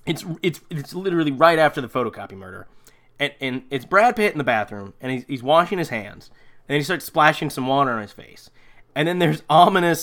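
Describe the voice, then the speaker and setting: A man with a bright, lively voice that swings up and down in pitch. He gives a sarcastic, profane recap of a movie for a comedy podcast. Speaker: podcast host.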